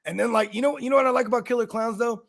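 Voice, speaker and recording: A man's voice: very high-pitched, rapid-fire, gravelly, no echo. A man co-hosting a casual sports chat, talking in loose, slangy, laughing banter. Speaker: co-host.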